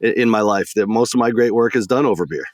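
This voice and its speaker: A man's voice: fairly low pitch, fast talker, darkish tone, no echo. A man co-hosting a podcast, asking questions in a chatty, jokey way. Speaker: podcast co-host. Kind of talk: casual interview talk.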